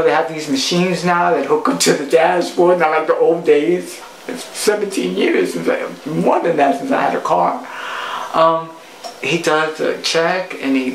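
A woman's voice: low-pitched, gravelly, roomy sound, a little hiss or hum, rough recording. A woman, a cooking show host, telling a playful story in a casual vlog monologue. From Puerto Rico.

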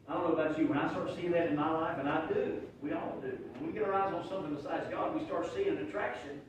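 In a very echoey church sanctuary, picked up by a distant mic with slight background noise, a pastor with a high-leaning voice delivers an earnest, emotional sermon. He keeps restarting his sentences as he preaches from the heart.

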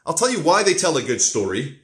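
A man's voice: a little high, big pitch swings, a little fast, a bit bright. Blunt, profane man rambling in a roomy echo. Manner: sardonic asides. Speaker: vlogger. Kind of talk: casual unscripted monologue.

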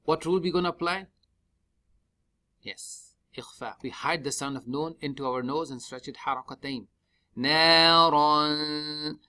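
A man teaching tajweed step by step in a mosque, spelling out letters and vowels one at a time and chanting the verses slowly and drawn out. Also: on the high side, sharp tone. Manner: slow, drawn-out chanting when reciting. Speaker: Quran recitation teacher.

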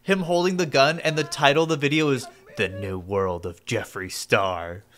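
A man's voice: medium pitch, fairly even intonation, moderate pace, heavy background noise. A man streaming live and reacting to a video in casual commentary, sarcastic and blunt, swearing freely.

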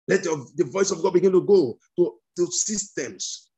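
Over a video call, a male pastor leads a fervent prayer sermon, commanding and repeating declarations and speaking in tongues between prayers. His mellow, husky voice sits high and moves at a moderate pace with few pauses. The audio is dull.

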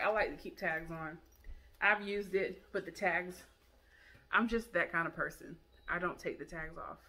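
Bright, chatty woman reviewing products. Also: mid-range voice. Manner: chatty and enthusiastic, addresses viewers as y'all. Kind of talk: casual product review vlog.

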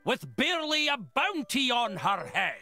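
A man's voice: very high voice, very animated, full character voice. An actor playing a pompous, short-tempered male consul in a video game, drawling with sarcasm and bellowing insults. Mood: sneering. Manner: drawn-out sneering sarcasm, then furious yelling. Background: loud game music.

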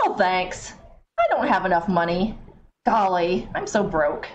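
A woman's voice: a little high, expressive, a little slow, muffled recording, a little hiss or hum. A woman giving playful, casual let's-play commentary, swearing and giggling at the game. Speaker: gaming streamer.

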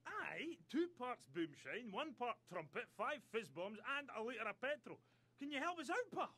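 A rowdy rocker. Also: male voice, very high-pitched, very animated, moderate pace, pushed and bright, breathy edge, exaggerated voice. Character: wild Scottish male rock musician.

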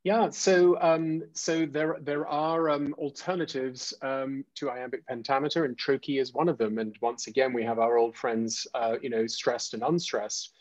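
A man's voice: medium pitch, steady tone, normal speed, few pauses, darkish tone, dry recording. Male co-presenter, teacher webinar, hesitant and filler-heavy, lo-fi dry audio. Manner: hesitant, many fillers and restarts. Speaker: educator webinar co-host. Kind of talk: professional development webinar presentation.

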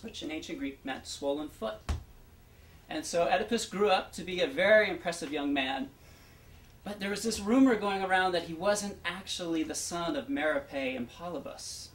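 A man's voice: a little high, expressive, normal speed, fairly bright tone. A man gives a casual, chatty pre-show introduction as an actor, retelling the backstory and speaking directly to the audience. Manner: chatty, storytelling, addresses the audience. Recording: roomy, distant, faint background hum.

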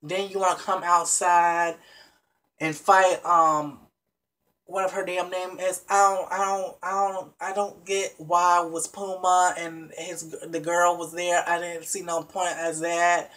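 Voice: mid-range voice, flat delivery, unhurried, fairly bright tone. A vlogger casually recapping a reality show episode for viewers, chatty and emphatic, with many restarts and frequent asides to the audience.

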